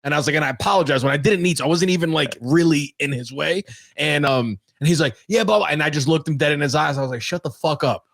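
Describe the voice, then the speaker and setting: A young man co-hosting a podcast, telling a story in casual chat with lots of swearing and animated retelling. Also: on the high side, fast talker, gravelly, no room sound. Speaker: podcast co-host.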